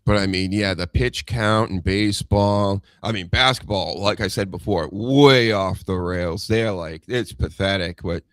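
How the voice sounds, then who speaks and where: A man's voice: low voice, unhurried, few pauses, fairly bright tone, dry recording. A man co-hosting a podcast, griping and dismissive in casual banter. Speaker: podcast co-host.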